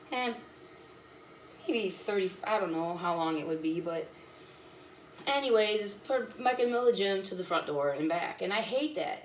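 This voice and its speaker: In this casual cooking vlog, a woman with bronchitis cooks in her own kitchen and chats in a rambling, blunt manner. She has a mid-range voice, and there is slight background noise.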